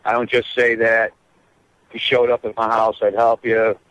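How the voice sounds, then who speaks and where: A man's voice: lowish voice, completely flat delivery, normal speed, a bit bright, no room sound, highs cut off. A man hosting a talk radio show by phone, rambling and self-deprecating in casual chat. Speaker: regular host calling in from the protest.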